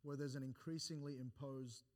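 In a church, a man with a mid-range, darkish voice preaches at a moderate pace with fairly even intonation. He builds his points with rising emphasis, quotes scripture in old-fashioned wording, and frequently restarts phrases and repeats words between points.

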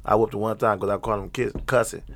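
A man, a father, chatting casually with friends in slangy, profane talk and animated retellings of his kids. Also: on the low side, fast talker. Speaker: father in a group chat. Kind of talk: casual banter, storytelling.

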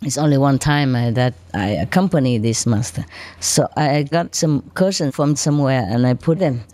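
With an extremely low, dark voice at a moderate pace, a woman teaching disciples spins casual, chatty stories, laughing frequently and using her hands to illustrate. There's no echo.

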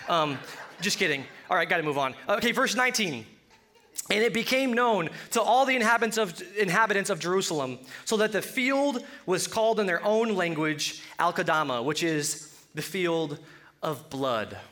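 Male pastor from Colorado, high and bright voice, casual joking sermon delivery. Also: animated, normal speed. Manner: joking, conversational preaching with asides.

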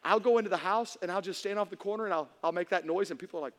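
High-voiced animated man preaching. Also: fast, few pauses. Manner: animated, swings between hushed and shouting. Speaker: pastor. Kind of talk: humorous sermon storytelling. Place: church hall before an audience. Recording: reverberant hall.

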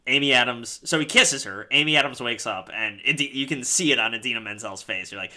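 A man co-hosting a podcast, casually recapping a movie with jokes, swearing and quick acted-out quotes. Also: mid-range voice, bright, forceful tone. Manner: jokey, swears, acts out quotes. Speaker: podcast co-host.

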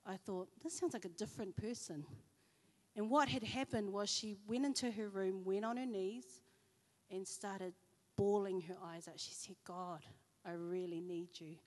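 A woman's voice: medium pitch, measured pace. A woman giving a chatty church sermon, telling personal stories with lots of fillers. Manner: chatty, animated storytelling with fillers. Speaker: church speaker. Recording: hall reverb.

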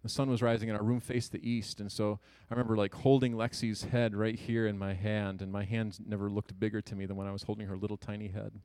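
A man's voice: lowish voice, level tone, clear, resonant tone, dry recording. Earnest man telling a personal story. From Ohio, USA. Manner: earnest, conversational, with quick jokes and hushed asides. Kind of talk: personal story told to an audience.

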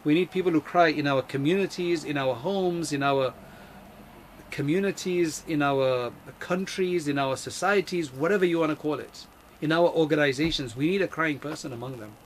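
A man giving a religious lesson in an earnest, emphatic way, repeating key phrases and reciting Arabic verses quickly. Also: fairly high pitch, slight background noise. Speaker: Islamic teacher.

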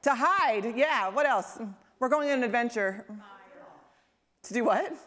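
A woman preaching a sermon in a chatty, conversational way. She asks her listeners questions and waits for their answers. She often drops into a soft, hushed tone to drive a point home. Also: on the high side, normal speed. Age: adult parent. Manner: drops to a soft, quiet tone for emphasis. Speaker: pastor.

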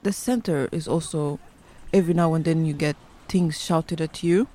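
A woman's voice: sits low, normal speed, warm tone. A woman telling personal stories in an interview, hesitant, with many fillers and restarts. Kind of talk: personal storytelling.

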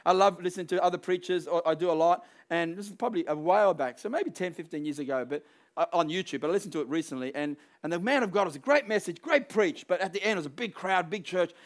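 A man preaching a sermon, emphatic and building to forceful peaks, acting out quoted voices along the way. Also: sits high, quick pace.

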